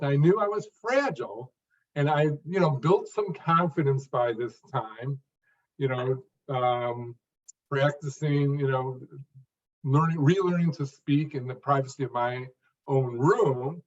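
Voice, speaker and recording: A man answering interview questions in a measured, earnest way, speaking phrase by phrase with pauses. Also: mid-range voice. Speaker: guest, stuttering coach. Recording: distant, dull lo-fi audio.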